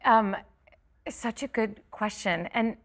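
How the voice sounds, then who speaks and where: A woman from California, a stage actress, chatting as an interview guest, tired and quick with many fillers and restarts. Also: fairly high pitch. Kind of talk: casual interview chat.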